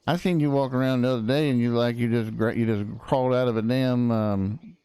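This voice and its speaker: A man's voice: medium pitch, fairly even intonation, fairly quick, warm tone, clear, resonant tone, no echo. A man roleplaying a cranky old frontier prosecutor, rambling in a folksy way with lots of fillers. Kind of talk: in-character roleplay chat.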